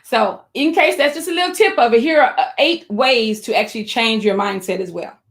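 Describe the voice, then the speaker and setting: A woman presenting an online webinar for educators, encouraging and speaking directly to her audience, slowing down to stress key phrases over a computer microphone. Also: a little high.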